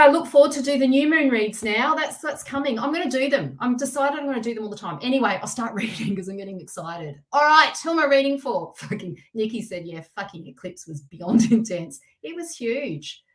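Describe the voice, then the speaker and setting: A woman hosting a live tarot reading stream, talking to viewers by name in an excitable, chatty way and laughing often. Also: a little high.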